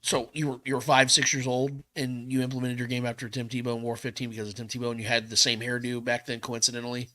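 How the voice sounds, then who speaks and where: A man hosting a podcast, ranting in an animated, emphatic way with some swearing. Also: mid-range voice, fast, few pauses. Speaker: podcast host. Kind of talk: podcast rant.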